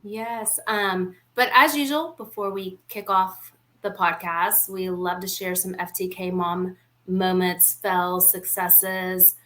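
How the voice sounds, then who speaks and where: A woman's voice: on the low side, steady tone, takes it slowly, fairly bright tone. A woman co-hosting a podcast, telling frank, playful stories in a casual chat. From small town in the United States. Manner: chatty storytelling, playful and frank. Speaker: podcast co-host.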